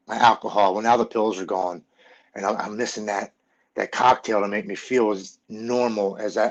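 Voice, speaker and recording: Guy in his 40s telling his own story, kinda low voice, earnest and halting, dull lo-fi sound. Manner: earnest, emotional, halting with restarts. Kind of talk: personal storytelling.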